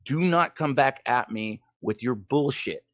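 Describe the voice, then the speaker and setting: A man's voice: medium pitch, a little slow, dry recording. A man calling into a show, talking in a ranting, swearing, heated way, then apologizing for it. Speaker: caller. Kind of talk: casual call-in chat.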